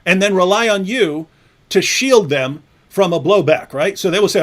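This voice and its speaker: High-voiced taunting male livestream host. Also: animated, normal speed, fairly bright tone. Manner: taunting, mocking, laughing often. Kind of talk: provocative livestream chat.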